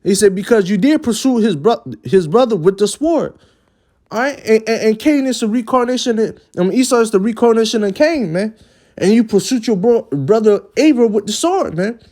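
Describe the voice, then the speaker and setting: A man's voice: sits high, animated, moderate pace, mellow. A man giving a religious lesson in an emphatic preaching style. He often ends phrases with "man" and sometimes stumbles and repeats words. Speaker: religious teacher.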